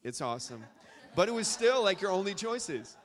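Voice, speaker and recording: A man's voice: high voice, big pitch swings, moderate pace, fairly bright tone. A young man from Arkansas speaking informally to a live audience, rambling through a story with lots of fillers. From Arkansas, USA. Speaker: speaker at a church gathering.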